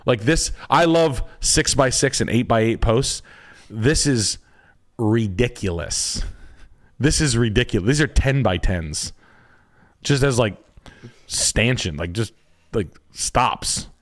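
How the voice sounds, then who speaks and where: A man's voice: medium pitch, animated, takes it slowly. A man hosting a live stream, giving blunt, profane critiques of house listings as a realtor.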